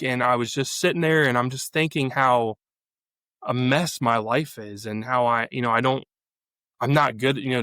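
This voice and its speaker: A man's voice: medium pitch, a bit bright, no echo. A man sharing a personal faith testimony as a guest, often restarting and repeating words as he remembers. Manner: halting, repeats words as he recalls. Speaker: podcast guest.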